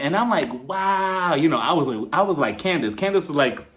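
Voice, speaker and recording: A man's voice: fairly high pitch, a little fast, hardly any pauses, slight background noise. A man giving a casual, dramatic recap of a reality show, full of exclamations. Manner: animated, dramatic retelling with exclamations. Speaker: reality TV reviewer.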